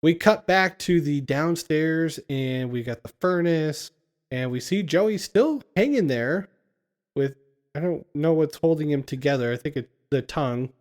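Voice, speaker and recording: A man's voice: on the high side, animated, unhurried, darkish tone. A man casually recapping a film scene by scene on a podcast, laughing often as he retells it. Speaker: podcast co-host.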